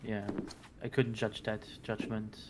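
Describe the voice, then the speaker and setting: A man's voice: fairly low pitch, monotone, measured pace. A man from the Netherlands chatting on a podcast in a laid-back way, mostly giving short agreeing replies. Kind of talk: casual podcast chat. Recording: noisy stream audio.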